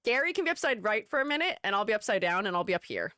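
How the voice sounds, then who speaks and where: A woman's voice: mid-range voice, sing-song, fast talker, bright, forceful tone, no room sound, clean studio sound. A woman VTuber streaming, chatting casually and playfully, often giggling and talking to herself. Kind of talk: casual livestream chat.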